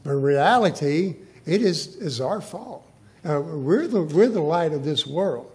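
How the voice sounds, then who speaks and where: Preacher guy, high voice, reads scripture then rambles with lots of hey and restarts, church sermon. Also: expressive, a little slow, a little mellow, reverberant, rough recording. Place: church sanctuary.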